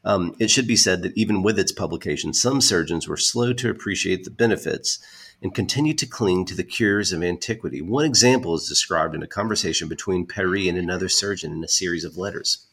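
A man's voice: low voice, a little fast, a bit bright, husky. A man hosting a casual podcast who reads out history, chuckling often and joking at his own expense. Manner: chuckles often, self-deprecating. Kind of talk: casual chat with read-aloud history.

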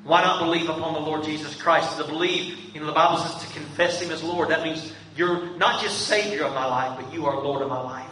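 A man's voice: fairly high pitch, brisk, hardly any pauses, pushed and bright, recorded from a distance. Male pastor, earnest and pleading, heard from afar in a reverberant sanctuary with faint background hum. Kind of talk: sermon. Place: church sanctuary. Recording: echoey church room from afar, faint hum.

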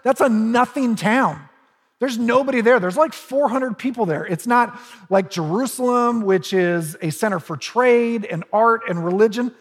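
A man's voice: very high-pitched, unhurried, breathy edge, long reverb tail, pitched above the performer's own voice, exaggerated voice. A man voicing a skeptical young man from the Bible who scoffs at an idea, in a sermon. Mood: scoffing. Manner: incredulous, dismissive.

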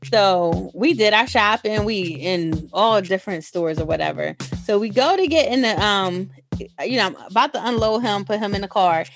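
A woman's voice: mid-range voice, lively intonation, moderate pace, gravelly, soft background music. A woman co-hosting a casual podcast, telling a story in a laid-back, slangy way with laughs. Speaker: podcast co-host. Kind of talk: casual chat.

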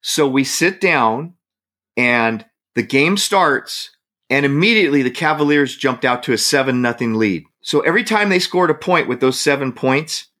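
A man from the San Francisco Bay Area, a guest telling a story in casual chat, animated and laughing as he acts out what people said. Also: medium pitch, moderate pace.

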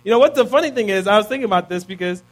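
Thirties male preacher, high voice, relaxed and chatty, keeps asking the room "right?". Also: very fast. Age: 30s. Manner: casual, peppers points with "right?". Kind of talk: conversational sermon.

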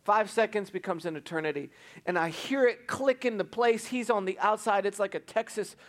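A middle-aged man preaching, telling a personal story with animated, self-mocking humor. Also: high-pitched, moderate pace. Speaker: pastor.

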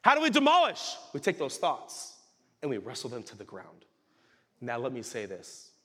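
A male pastor preaching a sermon with animated delivery that rises to shouts. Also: medium pitch, normal speed. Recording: reverberant hall.

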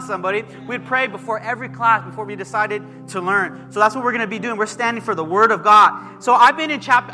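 A man preaching a sermon as pastor, emphatic and animated, calling out to his congregation. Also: high voice. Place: church sanctuary. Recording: long hall reverb with faint music.

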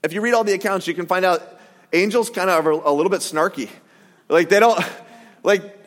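A man preaching a sermon in a casual, animated way, with jokey asides. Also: high-pitched, normal speed, long reverb tail. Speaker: pastor.

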